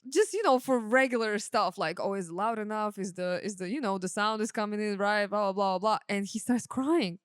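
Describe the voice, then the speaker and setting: A woman's voice: medium pitch, fairly quick, few pauses, smooth, no echo, clean studio sound. A young woman, a sound engineer whose first language is not English, telling stories in a casual podcast chat, laughing often and using many fillers.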